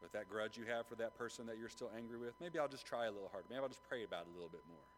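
A man preaching a sermon, retelling a Bible story with lively acted-out voices. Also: fairly low pitch, very fast, a little hiss or hum, poor audio. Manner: animated storytelling, acts out the voices of biblical figures. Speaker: pastor.

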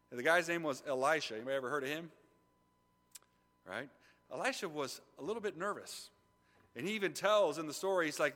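A middle-aged male pastor preaching with animated force, rising to loud emphasis and dropping to hushed asides. His voice is bright and fairly high for a man. It rings out with the long reverb of a large hall. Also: fast talker. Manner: asks the congregation questions. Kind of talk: sermon.

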